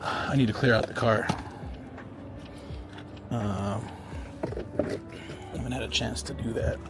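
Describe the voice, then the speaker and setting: Slow and creaky, his mid-range voice keeps a steady tone as he rambles casually to viewers on a travel live stream. He begins on city streets and ends up in a parked car, with music playing under his words.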